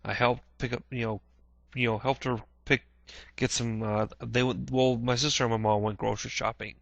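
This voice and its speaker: Guy vlogging a memory, low gravelly voice, keeps restarting and clearing his throat, dry close sound. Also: level tone, no room sound, highs cut off. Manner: halting, many restarts and frequent throat clearing; plain-spoken, swears casually. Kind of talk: casual personal recollection.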